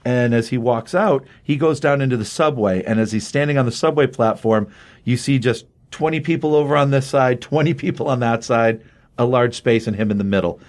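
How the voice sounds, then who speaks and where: A man on a podcast casually retelling a comic book plot, acting out each character's lines by jumping his pitch up. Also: fairly quick. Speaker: podcast co-host recapping a comic. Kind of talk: casual chat, animated retelling with quoted voices.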